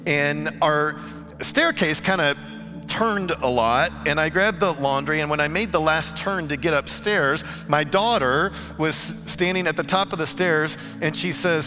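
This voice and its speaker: A middle-aged man preaching a sermon, moving between hushed, earnest tones and lively storytelling. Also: on the high side, unhurried, music in the background. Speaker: pastor.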